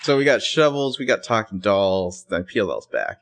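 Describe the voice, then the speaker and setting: Deep-voiced man casually recapping a show. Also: very animated, moderate pace, a bit bright. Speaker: podcast co-host.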